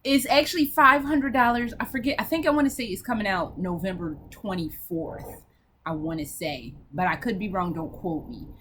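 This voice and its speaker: A woman's voice: medium pitch, normal speed, fairly bright tone, slight background noise. A woman hosting a casual video game vlog, talking in a brash, profane, rambling way with frequent giggles.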